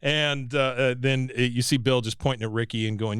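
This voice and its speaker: Man, podcast co-host, smooth clear voice, dry close mic, chatty scene-by-scene recap. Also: mid-range voice, steady tone, a little fast, a bit bright, no room sound. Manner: retells scenes, briefly mimicking characters. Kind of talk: casual recap chat.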